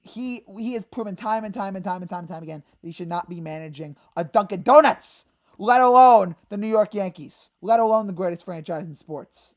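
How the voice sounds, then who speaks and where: A woman hosting a fan channel, ranting in exasperation about her team and breaking into sudden shouted outbursts. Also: mid-range voice, fairly quick. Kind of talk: angry fan rant.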